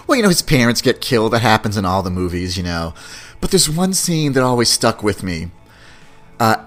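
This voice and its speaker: A man hosting a podcast in a casual, rambling, animated chat, laughing often. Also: medium pitch. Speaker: podcast host.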